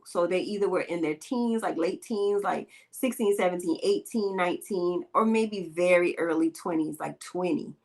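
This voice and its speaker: A woman's voice: fairly low pitch, fairly bright tone. A woman hosting a podcast, talking bluntly and emphatically in slangy, casual speech and telling stories into a microphone. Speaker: podcast host. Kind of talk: casual opinion talk and storytelling.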